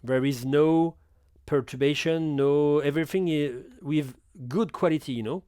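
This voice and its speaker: A middle-aged man with a French accent walks through an audio recorder tutorial in halting, self-correcting English. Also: a little high, warm tone, clear, resonant tone, no echo, clean studio sound. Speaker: audio gear reviewer. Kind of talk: hands-on equipment tutorial.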